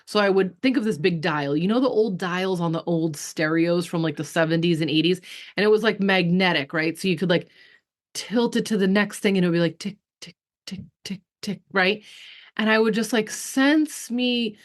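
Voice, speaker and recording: A woman business coach and podcast host, talking casually to a group call, emphatic and profane, with chatty restarts and big swings in pitch. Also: moderate pace. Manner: chatty, full of fillers and restarts.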